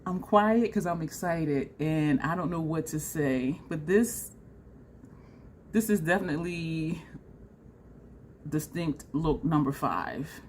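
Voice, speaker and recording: A woman vlogging a makeup tutorial in a chatty, excitable way, talking straight to her viewers. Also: low-pitched, slow pace, long pauses, a little hiss or hum. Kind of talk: casual makeup tutorial chat.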